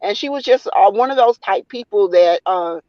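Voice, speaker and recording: A woman's voice: mid-range voice, normal speed, no room sound. A woman telling a friend's story in a casual call, acting out the quotes as she goes. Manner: lively storyteller who acts out quotes. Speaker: friend sharing memories. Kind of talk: casual video-call conversation. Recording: dull lo-fi, dry sound.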